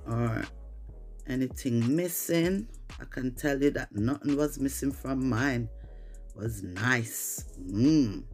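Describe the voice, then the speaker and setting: A woman's voice: sits low, a little mellow. A woman with a Jamaican accent, chatting to viewers in patois-laced English while she demonstrates a recipe in her kitchen. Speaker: cooking vlogger. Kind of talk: casual cooking demonstration.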